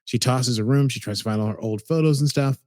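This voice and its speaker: A man's voice: mid-range voice, fast, darkish tone, no room sound, studio quality. A man casually recapping a TV episode as a podcast co-host, rambling and chatty with lots of "like"s.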